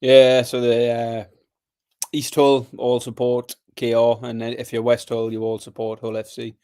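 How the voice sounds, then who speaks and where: A man's voice: medium pitch, completely flat delivery, measured pace, mellow, smooth, no room sound. A man co-hosting a podcast, answering in a laid-back, dry way. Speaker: podcast co-host. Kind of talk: casual podcast chat.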